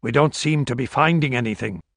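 A man reading a calm, matter-of-fact male team leader who speaks in measured tones. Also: medium pitch, creaky, no room sound, clean studio sound.

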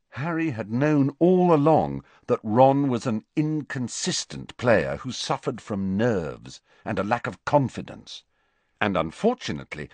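Expressive male audiobook narrator. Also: medium pitch, dry recording. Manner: expressive, measured storytelling. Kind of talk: scripted narration.

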